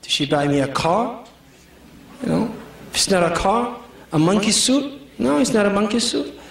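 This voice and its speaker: Man, high voice, joking preacher style, recorded from afar in a big echoing hall. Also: lively intonation, moderate pace, creaky. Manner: jokey, storytelling, full of "you know". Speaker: Islamic speaker. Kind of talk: humorous sermon to a community audience. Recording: echoey hall, mic far off.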